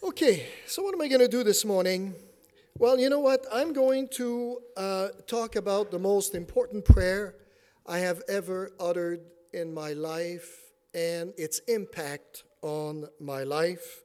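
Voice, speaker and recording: A man in his fifties from Quebec City with a French-Canadian accent, giving a sermon that mixes dry self-deprecating jokes with a personal story. He talks with many fillers and goes quiet for serious points. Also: sits high, measured pace, clear, resonant tone. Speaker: preacher and theology teacher.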